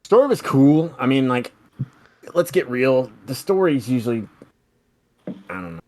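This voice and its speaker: A man's voice: medium pitch, very animated, measured pace, darkish tone. A man co-hosting a casual podcast, rambling with many restarts and frequent laughs. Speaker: podcast co-host. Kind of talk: casual chat.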